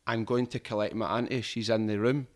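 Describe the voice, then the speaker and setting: A man's voice: fairly low pitch, steady tone, a little fast. A man with a strong Glaswegian accent chatting casually on a podcast, swearing freely and rambling through anecdotes. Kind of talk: casual chat.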